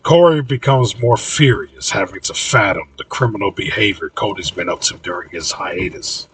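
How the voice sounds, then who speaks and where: A man reading his own audiobook in an even, low-key narration. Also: moderate pace, slightly rough, no echo, far from the mic, low-quality recording.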